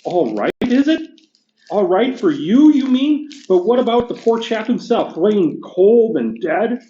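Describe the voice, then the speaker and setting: A man reading aloud and voicing a blustering, self-righteous male ghost who complains loudly. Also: big pitch swings, measured pace, a little hiss or hum. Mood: indignant. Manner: loud, aggrieved, rising pitch. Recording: echoey room, dull lo-fi sound.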